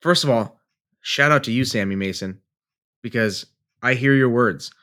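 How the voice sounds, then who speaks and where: A man's voice: mid-range voice, moderate pace, sharp tone. A man co-hosting a casual podcast, a flight instructor who laughs easily and talks loosely with some swearing.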